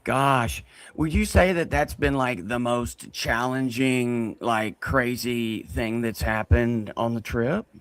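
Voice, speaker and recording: A man's voice: mid-range voice, fairly even intonation, slow pace, a bit bright, clean tone, no room sound. A man hosting an interview over a video call, reacting briefly and asking questions. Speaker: podcast host. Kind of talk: casual interview.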